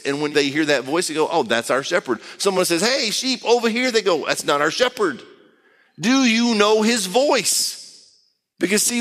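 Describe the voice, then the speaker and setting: A man preaching a conversational sermon, reading scripture aloud and acting out quick voices. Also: high voice, a bit bright, big-room sound.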